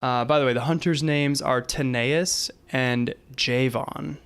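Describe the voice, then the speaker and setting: A man's voice: medium pitch, steady tone, measured pace, fairly bright tone, clean tone. A man narrating and running a tabletop game as dungeon master, chatty and giggly with many fillers.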